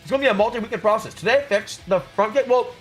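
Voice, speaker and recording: A man's voice: high voice, rapid-fire, faint music behind. A man chatting casually with his live stream chat, reading out and answering messages. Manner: chatty, reads chat aloud, upbeat. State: chewing food at times. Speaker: livestreamer.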